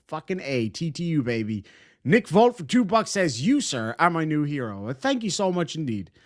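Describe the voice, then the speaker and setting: A man casually reading out super chats on a livestream, animated and full of swearing and quick thank-yous. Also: high voice. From Ireland.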